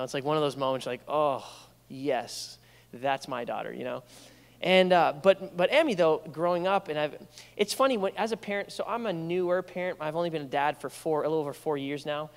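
Young pastor preaching in a reverberant hall. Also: male voice, a little high, gravelly. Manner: conversational storytelling with playful asides. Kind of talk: sermon. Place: church sanctuary.

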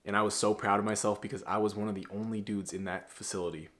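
A young man in his twenties lectures in a blunt, preachy way, full of casual slang. His voice sits a little low as he coaches other men on how to carry themselves. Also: little pitch movement, fast talker, fairly bright tone. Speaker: masculinity coach. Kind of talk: casual motivational monologue.

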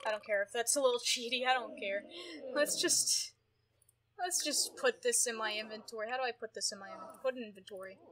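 A woman giving casual gameplay commentary, exasperated and often yelling at her characters. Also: fairly high pitch, fairly quick, crowd noise. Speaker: gameplay streamer.

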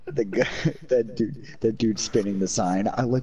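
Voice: medium pitch, moderate pace, darkish tone, husky, recorded from a distance, muffled recording. A young adult joking, teasing and laughing with friends while gaming. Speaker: gamer chatting with friends. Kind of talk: casual chat over online game. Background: music playing.

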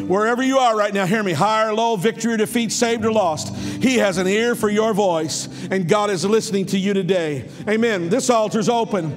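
A man, a pastor, preaching a fervent sermon, repeating phrases and building to shouts. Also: high voice, brisk, hardly any pauses. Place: large church sanctuary. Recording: long church hall reverb with music behind.

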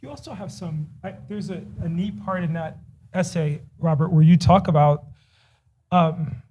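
Man with a dark, mellow voice. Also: on the high side, normal speed, husky, dull audio. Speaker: panel moderator. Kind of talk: panel discussion question.

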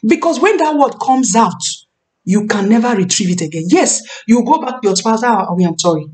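A woman in her thirties preaching a sermon on marriage, emphatic, repeating key phrases and slowing down to stress words. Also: on the high side, very animated, darkish tone. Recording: voice a bit far from the mic.

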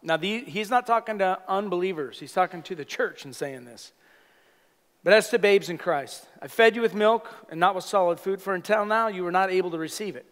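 A male senior pastor preaching a sermon in a church sanctuary, conversational and animated, with playful asides to the congregation. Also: high voice, brisk, big-room sound. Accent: Californian.

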